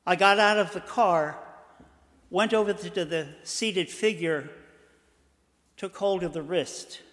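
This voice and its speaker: Brief: older man from Boston, storyteller, slow and measured, in a long hall reverb. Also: sits high, fairly bright tone. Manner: measured, dramatic pauses. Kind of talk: told personal story.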